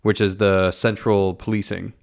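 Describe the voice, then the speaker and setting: Low-voiced man telling stories. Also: little pitch movement, moderate pace, gravelly. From Canada. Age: 30s. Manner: rambling anecdotes with self-corrections. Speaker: podcast co-host. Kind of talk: casual storytelling.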